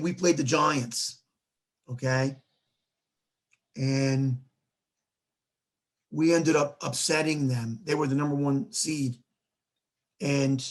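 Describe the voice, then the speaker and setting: A man hosting a casual sports talk show, telling stories in an animated way and acting out quoted dialogue. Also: mid-range voice. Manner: animated storyteller who acts out quoted dialogue.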